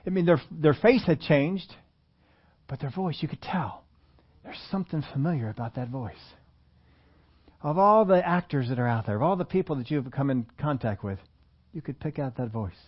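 A man's voice: on the high side, expressive, normal speed, breathy edge. A man preaching a sermon in a conversational way, often asking his listeners questions. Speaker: pastor. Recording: muffled lo-fi recording.

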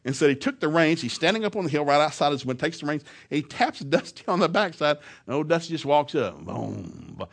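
A man telling a humorous story to an audience, animated and laughing often as he talks. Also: fairly high pitch, fast talker, few pauses. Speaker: speaker.

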